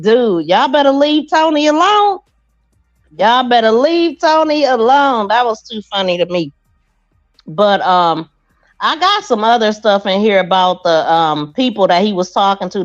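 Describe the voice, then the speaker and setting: A woman hosting a true crime livestream podcast, chatting casually with her listeners. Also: fairly high pitch. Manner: chatty, addresses listeners as y'all. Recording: dull lo-fi stream audio.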